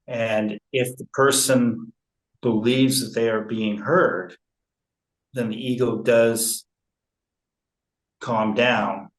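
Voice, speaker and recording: A man speaking in an interview about conflict resolution, slow and measured, with frequent fillers and restarts. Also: mid-range voice, steady tone, echoey room, rough recording. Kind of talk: relaxed interview talk.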